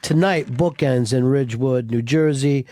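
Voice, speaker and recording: A man's voice: medium pitch, moderate pace, mellow, no echo. A man hosting an interview, closing with an upbeat announcement. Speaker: host. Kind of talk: promotional sign-off.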